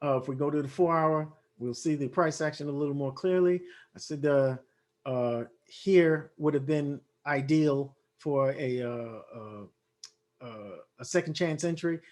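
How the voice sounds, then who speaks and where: A man with a fairly high voice talks through trading charts, thinking aloud as he goes. He stumbles through fillers and restarts and addresses viewers directly. His voice sounds a little worn, as if he is losing it. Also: measured pace, a little mellow. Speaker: forex trading analyst. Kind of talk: casual chart walkthrough.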